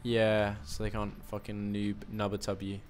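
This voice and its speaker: A man's voice: fairly low pitch, monotone, moderate pace, faint music behind. A young man with a put-on American accent, rambling through live game commentary with self-mocking asides. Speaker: gaming commentator.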